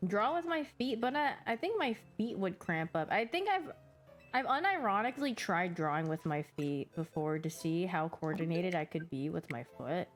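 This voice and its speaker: A very animated young woman with a fairly low-pitched voice chats casually on her stream, bubbly and giggling readily. She switches into silly little voices for her pets, and quiet music hums underneath.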